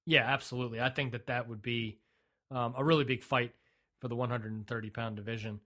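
A man in the middle of a casual podcast chat, talking at an ordinary pitch for a man. He is blunt and opinionated, stumbles and restarts mid-thought, and states his views flatly. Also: brisk. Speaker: podcast co-host.

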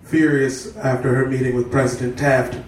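Man reading a story deadpan on stage. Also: mid-range voice, normal speed. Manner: deadpan storytelling, with stumbles and asides. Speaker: comedy reader. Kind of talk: live comedic reading of a story. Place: live comedy stage indoors. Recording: echoey room, distant mic, noisy.

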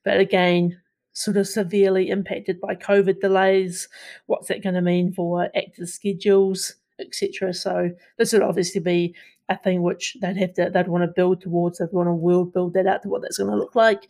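Flat-toned woman sharing film news. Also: mid-range voice, normal speed. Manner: hesitant, many restarts and ums. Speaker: podcast co-host. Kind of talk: casual pop-culture news chat.

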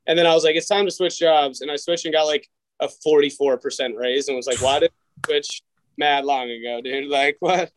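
A man's voice: a little high, steady tone, normal speed, rough recording. Young man telling rambling stories. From Massachusetts. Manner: rambling storyteller, acts out quotes. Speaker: comedian guest. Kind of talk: casual podcast chat.

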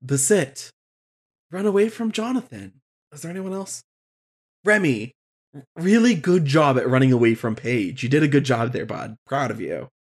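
Lively, giggly podcast co-host. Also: mid-range voice, normal speed, slightly rough. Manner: laughs often, swears casually. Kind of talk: casual chat.

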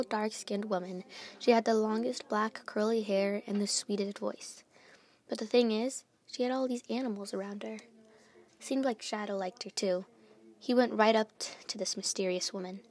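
A woman reading her own story aloud in a plain, slightly halting way with small restarts. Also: mid-range voice, steady tone, darkish tone.

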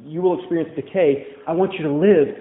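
A higher-voiced man preaches in a loose, conversational way, tossing in playful asides. His voice rings around a large echoey hall. The sound is thin and narrow, like it came over a phone line. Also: fairly even intonation, a little fast. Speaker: pastor. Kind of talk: sermon. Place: church hall.

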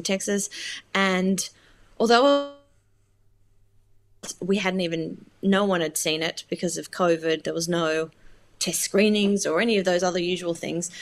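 Chatty woman, halting and emotional. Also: fairly low pitch, a little hiss or hum. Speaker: filmmaker being interviewed. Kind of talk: casual interview conversation.

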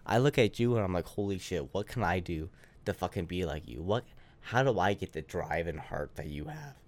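A man's voice: low-pitched, animated, normal speed. A man co-hosting a casual podcast, rambling with lots of swearing and filler words. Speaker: podcast co-host.

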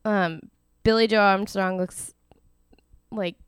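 Woman chatting on a podcast, smooth voice, dry close sound, laughs a lot. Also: medium pitch, fairly even intonation, slow pace, dry recording. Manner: chatty, laughs often, trails off with fillers. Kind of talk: casual chat.

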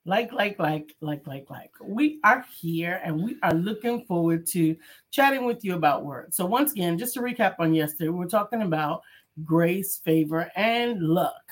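Woman, talk-show co-host, lowish voice, greets listeners, reads aloud. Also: animated, moderate pace. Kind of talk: casual morning talk show.

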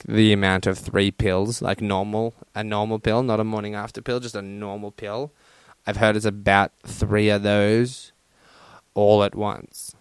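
A man's voice: on the low side, clear, resonant tone, no room sound. A young man hosting a casual solo podcast, swearing often and mocking himself as he jokes. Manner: profane, self-deprecating, joking. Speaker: podcast host.

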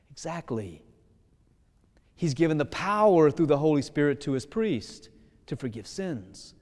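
High-voiced priest preaching in a reverberant church. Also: male voice. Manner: lively, casual preaching that slows for emphasis. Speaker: Catholic priest. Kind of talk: sermon.

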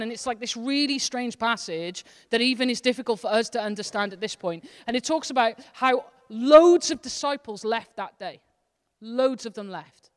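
A woman associate pastor preaches in a casual, heartfelt way, her voice smooth and resonant. Her intensity rises and falls as she speaks, and a long reverb from the church hall trails after her words. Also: a little high. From Wales. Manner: earnest, conversational preaching with shifting intensity. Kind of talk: sermon.

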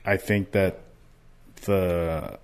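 A man with a very low voice chats casually on a podcast. He speaks in a relaxed, slightly hesitant way, dropping in fillers as he thinks. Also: very slow, clear, resonant tone. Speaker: podcast co-host. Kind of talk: casual chat.

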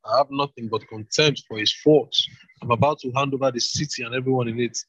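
A man reading scripture aloud at a brisk, hurried pace. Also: medium pitch, steady tone, a bit bright, husky, dry recording, dull audio. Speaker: scripture reader.

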